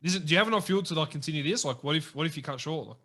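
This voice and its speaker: Young Aussie host, bright and forceful, somewhat high voice, laughs and rambles. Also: male voice, expressive, rapid-fire. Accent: Australian. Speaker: podcast host. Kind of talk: casual chat.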